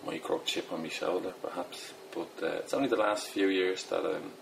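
Low-voiced and steady, with some vocal fry, a middle-aged Dublin poet from Ireland talks at a moderate pace in a casual interview. He rambles, makes light of himself and fills his speech with fillers, while the background is noisy.

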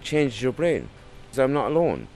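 A man's voice: mid-range voice, wildly swooping pitch, normal speed, darkish tone, a little hiss or hum. A man in a street interview, speaking earnestly and colloquially.

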